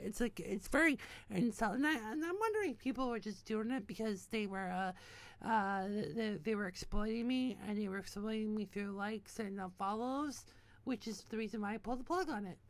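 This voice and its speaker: A woman's voice: mid-range voice, fairly quick, no echo. A woman in her thirties, from New Hampshire, ranting bitterly in a rambling, profane monologue full of restarts. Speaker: online community founder.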